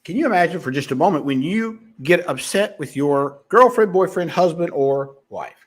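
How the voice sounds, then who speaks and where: A man talking fast as a sales coach, giving a rambling motivational monologue to his viewers with frequent restarts. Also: fairly high pitch, expressive, slightly rough.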